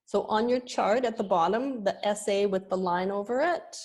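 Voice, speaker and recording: A woman's voice: mid-range voice, darkish tone. A woman yoga teacher explaining Sanskrit pronunciation, sounding out letters one by one. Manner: explanatory, demonstrates sounds slowly.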